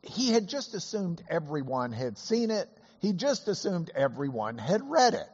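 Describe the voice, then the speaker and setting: Casting note: hoarse, husky male teacher, slightly high voice, chatty anecdotal delivery, dull lo-fi hall sound. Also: very animated, moderate pace, a little mellow. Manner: chatty anecdotal storyteller with many fillers. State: hoarse from illness. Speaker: Bible class teacher. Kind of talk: storytelling lesson.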